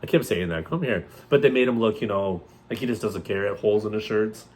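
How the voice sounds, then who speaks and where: A man co-hosting a horror movie review in casual chat, joking and rambling, with thoughts that trail off softly. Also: on the low side, a little fast. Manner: joking, jumps into loud playful outbursts.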